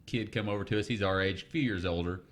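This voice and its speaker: A man's voice: lowish voice, lively intonation, moderate pace. A young man, co-hosting a podcast and telling a story in casual chat, acting out the voices he quotes. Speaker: podcast co-host.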